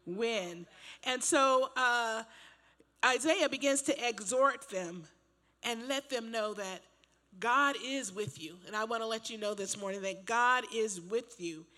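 In a church, an older woman pastor with a slightly high voice preaches a sermon built around a personal story. She tells it in a chatty, animated manner, breaking into laughs and asides.

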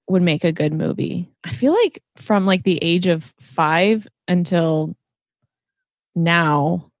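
A woman's voice: lowish voice, gravelly, darkish tone, dry recording, clean studio sound. A woman co-hosting a podcast in casual chat, frank and profane, teasing her friend. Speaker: podcast co-host.

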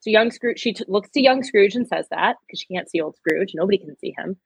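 Husky-voiced woman, emotional podcast co-host. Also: mid-range voice, expressive, fast, poor audio. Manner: emotional, enthusiastic retelling of film scenes. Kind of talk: casual chat.

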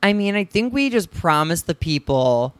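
A woman's voice: on the low side, very animated, moderate pace, smooth, no echo. A woman co-hosting a podcast in casual chat, playful and teasing. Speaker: podcast co-host.

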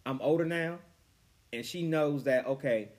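A young man telling a story in a casual group chat, animated and profane. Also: a little high, a little slow. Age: young adult.

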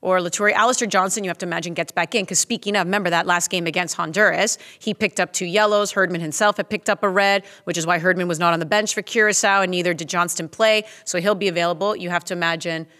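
A woman's voice: on the low side, fairly even intonation, quick pace, hardly any pauses, bright, forceful tone. A woman hosting a casual soccer talk show, talking in a conversational way and tagging her points with questions. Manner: conversational, asks questions, says "right?" often. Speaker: host. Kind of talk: casual sports chat.

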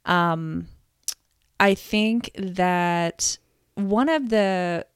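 A woman in her thirties, a podcast co-host, talking in a reflective, hesitant way with many pauses and ums. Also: on the low side, smooth, no echo, clean studio sound. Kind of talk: casual chat.

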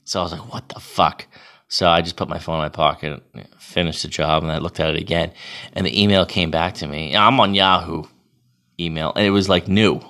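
A young man from Massachusetts who plays goalie in a beer league hockey team rants casually to camera, swearing and full of fillers. His voice is low and sharp, fairly even in intonation, and brisk.

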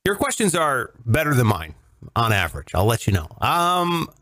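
A man's voice: mid-range voice, normal speed. Guy from ohio ranting on a podcast, swears a lot, voice jumps all over. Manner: ranting, profane, animated. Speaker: podcast co-host. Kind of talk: casual chat.

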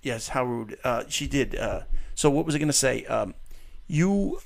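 A man's voice: medium pitch, animated, a little slow, creaky. A man hosting a call-in podcast, crude and joking, often talking over the caller. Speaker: podcast host. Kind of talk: crude comedic call-in chat.

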